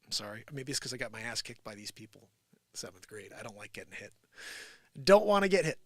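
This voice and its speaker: A middle-aged man with a New Jersey accent telling personal stories on a live stream, swinging between loud, animated bursts and hushed reflection. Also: mid-range voice, fast, no room sound, studio quality. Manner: animated storytelling, acts out quoted voices, swings from loud to hushed. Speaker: live show host. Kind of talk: casual livestream monologue.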